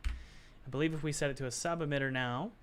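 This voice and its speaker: A man's voice: medium pitch, fairly even intonation, fairly quick, clear, resonant tone. Man muttering through a puzzling task. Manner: muttering to himself, puzzled, self-talk with sighs. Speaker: game developer. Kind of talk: thinking aloud while working.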